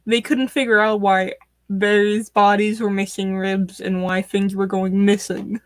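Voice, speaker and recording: This woman, a stream guest, speaks unhurriedly in a mid-range voice with a dry, echo-free sound. Relaxed and conversational, she spins grim tales with a dark, straight-faced wit.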